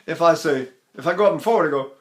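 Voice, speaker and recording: An older man teaching vocal technique, talking through ideas and breaking into loud sung vowels and syllables to demonstrate. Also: a little high, quick pace. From United States.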